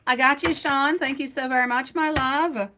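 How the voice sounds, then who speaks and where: A woman's voice: high-pitched, fairly even intonation, moderate pace, bright, forceful tone, a little hiss or hum. A woman doing a live-stream tarot reading, affectionate and chatty, calling her viewers pet names like sweetie and my love. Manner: chatty, sings snatches while shuffling.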